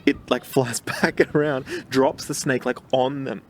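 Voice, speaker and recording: A man co-hosting a podcast, chatting casually and telling animated stories with many restarts, recorded outdoors. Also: mid-range voice, unhurried. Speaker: podcast co-host. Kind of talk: casual chat. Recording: outdoor recording with faint background noise.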